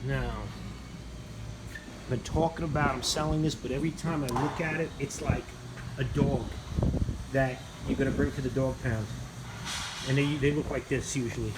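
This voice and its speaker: A man's voice: medium pitch, steady tone, normal speed, pauses often, roomy sound, very noisy. A man rambling casually through a vlog tour of his machine shop, self-mocking and swearing freely. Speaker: channel host showing his machine shop.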